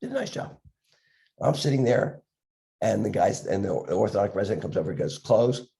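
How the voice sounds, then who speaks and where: An older man, a dentist with a cough from a respiratory illness, telling stories in a podcast chat, acting out the voices in his anecdotes with halting restarts. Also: lowish voice, sing-song, creaky, mellow. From Philadelphia area, USA. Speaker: dentist guest.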